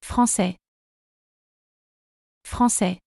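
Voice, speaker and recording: A woman's voice: drawn-out words, mellow, dry recording, clean studio sound. A woman giving model answers in a language lesson, saying each phrase carefully twice for learners. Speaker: language teacher. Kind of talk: scripted model answers for repetition.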